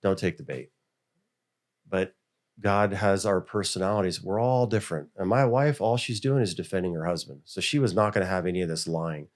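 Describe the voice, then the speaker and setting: American man, middle-aged, lowish voice, animated storyteller, quotes people in character. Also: brisk. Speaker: school board member, guest. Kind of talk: casual interview storytelling.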